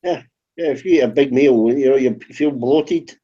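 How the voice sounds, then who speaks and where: A blunt, casually swearing man, chatting in a relaxed way. His voice is mellow and dark, and the recording sounds dull and lo-fi. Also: mid-range voice, normal speed, husky. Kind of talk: casual chat.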